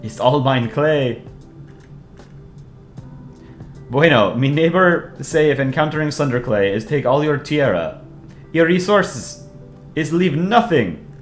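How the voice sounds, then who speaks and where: A man reading out a cartoon country character in a deliberately silly, exaggerated mock Spanish accent, drawing out his words slowly. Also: a little high, lively intonation, soft background music.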